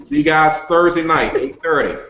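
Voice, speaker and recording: A man's voice: on the high side, normal speed, sharp tone, reverberant. Brief: a man as an upbeat network-marketing coach, folksy and chatty, dull lo-fi call audio. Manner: folksy and upbeat, many "you know" and "okay" fillers. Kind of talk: casual motivational group call. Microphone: video call.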